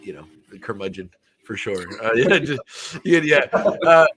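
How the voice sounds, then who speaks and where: A man's voice: mid-range voice, big pitch swings, a little slow, a crowd in the background. A young adult man co-hosting a podcast, talking in a casual, rambling, self-mocking joking way. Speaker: podcast co-host.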